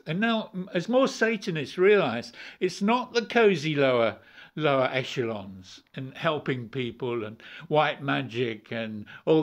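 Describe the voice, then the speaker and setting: A man preaching an informal, rambling sermon, repeating words and chuckling as he goes. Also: a little high.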